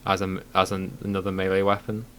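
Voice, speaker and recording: A man's voice: sits low, monotone, fast talker, fairly bright tone, a little hiss or hum. Hesitant man musing with lots of ums. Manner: hesitant, many ums, thinks aloud. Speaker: podcast co-host. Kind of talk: casual gaming podcast chat.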